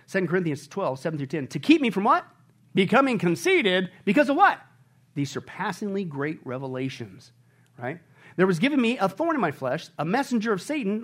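A man preaching a sermon as pastor, asking the congregation questions and shouting with joy at high points. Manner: animated preaching, shouting and laughing at peaks.

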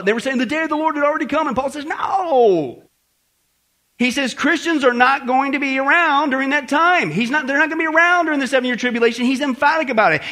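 A man preaching a prophecy sermon, emphatic and animated, often checking in with "okay?" and mocking asides. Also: extremely high pitch.

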